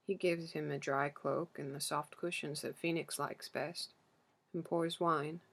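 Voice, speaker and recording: A woman narrating a literary novel in the first person, in a slow, measured storytelling manner. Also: low-pitched, vocal fry, fairly bright tone. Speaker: audiobook narrator.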